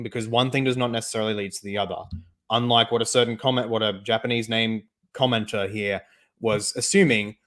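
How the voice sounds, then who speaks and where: A man's voice: fairly low pitch, fairly bright tone. A man hosting an interview, wrapping it up for the audience in careful, formal wording. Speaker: host. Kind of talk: measured summary for the audience.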